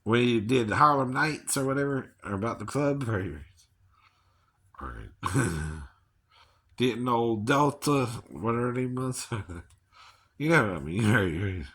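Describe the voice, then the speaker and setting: A man from Georgia muses aloud in a loose, unhurried monologue. His voice is bright and his pitch swings widely as he chuckles and keeps checking in with "right, right." He talks slowly and takes his time. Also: animated, slightly rough. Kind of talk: rambling casual monologue.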